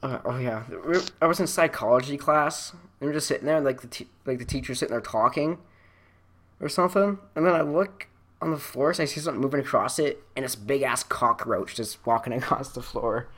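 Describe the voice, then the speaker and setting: A man's voice: mid-range voice, a little fast, a bit bright. A teenage male podcast co-host telling school stories in a loose, rambling way, laughing often and full of restarts and fillers, speaking over an online call. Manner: laughs a lot, rambling, many likes and restarts. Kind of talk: casual storytelling chat. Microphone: online call microphone.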